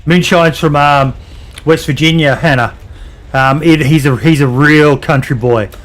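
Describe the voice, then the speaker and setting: A man's voice: fairly high pitch, measured pace, fairly bright tone. An Australian man streaming a game, chatting casually with his viewers and answering their messages as he plays. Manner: laid-back, chatty, reads chat aloud and answers viewers. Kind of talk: casual chat while playing.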